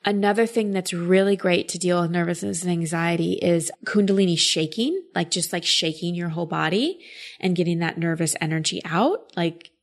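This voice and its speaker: A woman's voice: lowish voice, moderate pace. A woman coach giving advice in a casual chat, explaining thoughtfully with frequent filler words.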